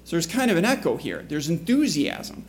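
A man's voice: a little high, very animated, moderate pace, a little hiss or hum. A man preaching a conversational sermon to a congregation in church, often asking the listeners questions. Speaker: pastor.

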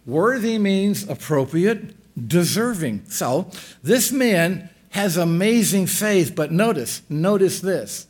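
High-voiced man preaching with rhetorical questions. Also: lively intonation, takes it slowly, a little mellow. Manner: repeats phrases for emphasis. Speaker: pastor. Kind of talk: sermon.

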